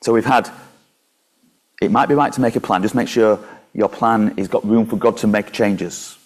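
Low-voiced man preaching. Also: normal speed. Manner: conversational, with small slips and restarts. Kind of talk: sermon with bible reading.

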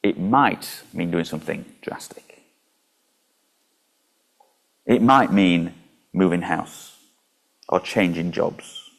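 A man's voice: deep voice, takes it slowly, vocal fry, pauses often, husky. A man preaching a sermon and reading scripture aloud in a conversational way, with small slips and restarts.

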